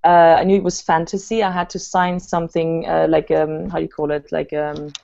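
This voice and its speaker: A woman's voice: deep voice, level tone, a little fast, gravelly, warm tone. Chatty woman actress, dull video-call sound. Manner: chatty, rambling, many fillers. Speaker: actress and guest. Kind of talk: casual storytelling in an interview.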